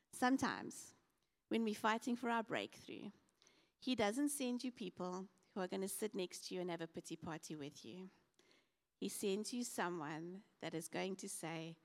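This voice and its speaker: A woman's voice: medium pitch, a little slow. A woman preaching a sermon, telling stories animatedly and acting out the voices of the people in them. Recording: reverberant hall.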